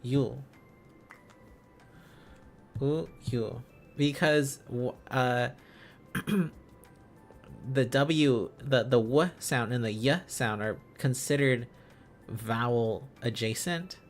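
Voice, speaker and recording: A man on a casual livestream, thinking aloud in an unhurried, drawn-out way as he sounds out syllables one at a time. He chuckles often between attempts, and soft music plays faintly underneath. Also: mid-range voice. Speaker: streamer.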